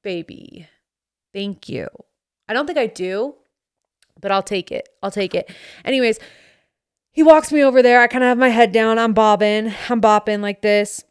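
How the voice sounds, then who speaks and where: A woman hosting a podcast, telling a story in casual chat and acting out her friends' lines in quick put-on voices, recorded close on a studio mic. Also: fairly high pitch, smooth. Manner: animated, acts out friends' voices in quotes. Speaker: podcast host. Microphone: studio microphone.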